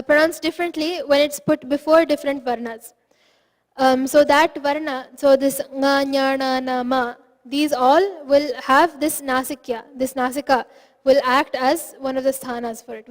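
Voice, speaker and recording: A woman with a high, light voice gives a patient lesson. She explains each point step by step and sounds out syllables to show how they are made. Her voice rings with a long reverb, as if the room is large and hard-walled. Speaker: Sanskrit pronunciation teacher. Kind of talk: online lesson.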